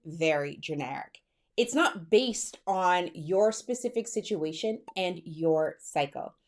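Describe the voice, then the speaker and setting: A woman coach speaking close to the mic in a lively, personal vlog style. Her voice sits at an everyday middle pitch. She sounds excited and chatty, and she keeps calling her listeners girl and sis. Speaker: fertility coach. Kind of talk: direct-to-camera coaching talk.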